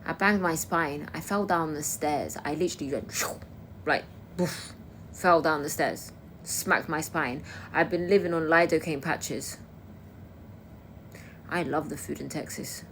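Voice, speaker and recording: Low-voiced chatty woman on a livestream. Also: unhurried, a bit bright, slight background noise. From Kosovo. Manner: chatty, reads and answers viewer comments. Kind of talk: casual live-stream chat.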